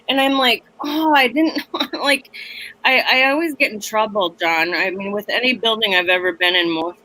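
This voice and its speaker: A woman comedian and teacher telling a story on a video call, animated and laughing, acting out voices. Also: on the high side, moderate pace, low-quality recording. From Minneapolis area.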